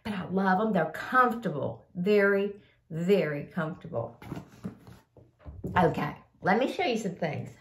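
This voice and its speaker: An older woman with a fairly low, animated voice chats unhurriedly to camera about products she likes, pausing often in a roomy-sounding space. She's a vlogger sharing favorites, a bit sniffly from a cold, rambling and calling viewers "y'all."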